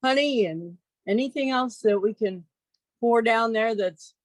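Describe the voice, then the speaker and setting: A woman singer joins a video call, her voice still recovering from illness. She talks high and slowly, with a dry close sound. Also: dry recording. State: recovering from lost voice. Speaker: singer guest. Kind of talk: casual video call chat.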